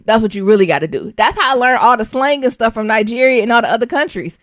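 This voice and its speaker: Animated slangy American woman chatting. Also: on the high side, fast talker, dry recording, clean studio sound. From United States. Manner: animated, slangy, laughs often, spells words out. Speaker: podcast co-host. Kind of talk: casual chat.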